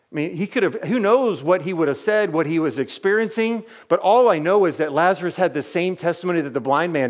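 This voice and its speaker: A man preaching a sermon to his church as pastor, telling the story animatedly with many casual "like"s. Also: a little high.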